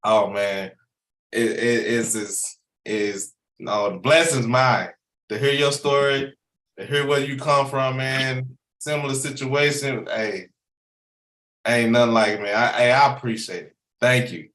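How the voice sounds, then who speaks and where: A man's voice: mid-range voice, steady tone, measured pace, reverberant, poor audio. A man hosting a sports interview show, chatting casually and encouraging his guest, often saying "man". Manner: warm, encouraging, repeats "man". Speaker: host.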